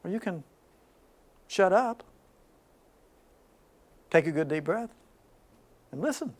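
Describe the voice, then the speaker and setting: A man speaks to a small spiritual gathering in a high voice. He leans hard on some lines and drops to a near-hush on others, laughing now and then between points. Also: lively intonation, takes it slowly. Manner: dynamic, swings from loud emphasis to soft hushed speech. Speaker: spiritual group leader. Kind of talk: spiritual talk to a small group.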